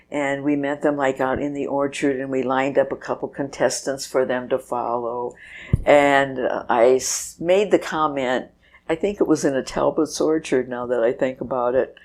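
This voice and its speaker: An older woman, a guest on an interview show, telling stories in a chatty way and laughing as she goes. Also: very deep voice. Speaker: guest, festival organizer. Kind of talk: casual interview storytelling.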